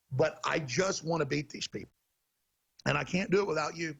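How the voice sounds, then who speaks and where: A man in full rant as a talk show host, his voice deeply gravelly and worn rough with a husky edge. He sits a touch higher than most men and hammers every point with heated emphasis. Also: fairly bright tone.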